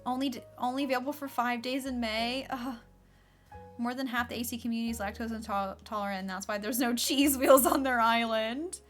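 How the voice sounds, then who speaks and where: A woman's voice: on the high side, fairly even intonation, brisk, faint music behind. Chatty young woman streamer. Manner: chatty, fills speech with "like". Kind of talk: casual chat while playing a game.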